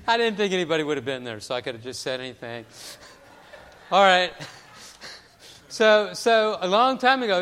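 A male pastor preaches in a high, smooth and resonant voice, moving between hushed storytelling and loud emphasis. The sound carries the long reverb of a large church sanctuary. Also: big pitch swings, measured pace, pauses often. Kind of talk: sermon.

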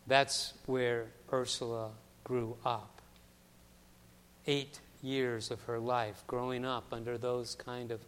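A male pastor preaches in a high, smooth and resonant voice, moving between hushed storytelling and loud emphasis. The sound carries the long reverb of a large church sanctuary. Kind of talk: sermon.

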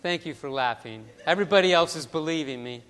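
A man preaching a sermon as pastor, telling a story that swings from hushed passages to loud, emphatic ones. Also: a little high, quick pace, smooth, long reverb tail.

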